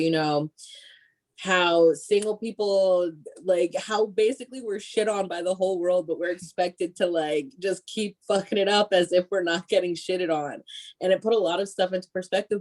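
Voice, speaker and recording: A woman co-hosting a podcast, telling stories in casual chat with plenty of swearing. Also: on the low side. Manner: profane, animated storytelling. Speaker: podcast co-host.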